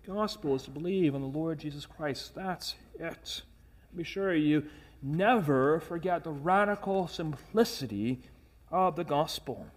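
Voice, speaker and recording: Pastor, male, fairly high voice, earnest emphatic sermon delivery with rhetorical questions. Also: a little slow.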